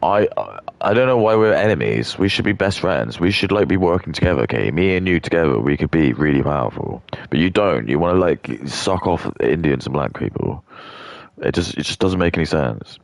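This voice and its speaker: Guy streaming a game, super deep gravelly voice, rambly and crude, dry sound. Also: expressive, a little fast, no room sound. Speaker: gaming streamer. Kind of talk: casual live-stream chat while gaming.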